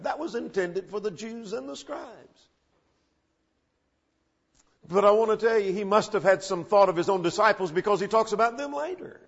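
Male preacher, husky, long reverb in a big hall, lo-fi; emphatic sermon delivery. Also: high voice. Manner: expository preaching, animated retelling with emphatic rises and soft drops. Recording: dull lo-fi recording in a reverberant church hall.

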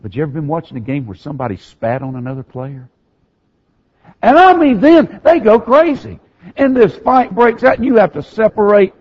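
Man preaching, husky, lively pitch swings, slightly high voice, dull lo-fi recording. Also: normal speed. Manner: animated storytelling, swinging from hushed to raised. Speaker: pastor. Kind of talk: sermon.

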